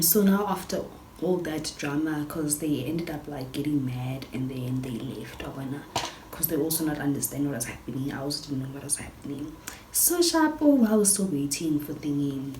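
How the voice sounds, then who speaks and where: South African woman, young, low voice, chatty storyteller, echoey noisy room. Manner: chatty, animated storytelling with many fillers; switches between English and Sesotho. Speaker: YouTuber. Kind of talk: storytime vlog. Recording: echoey room with background noise.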